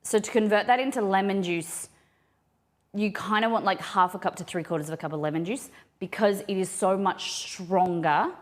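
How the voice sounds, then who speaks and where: In a home kitchen, a woman streams a live cooking session, thinking out loud and rambling with plenty of restarts as she works. Her voice is mid-range and her pace moderate, making for a casual cooking chat.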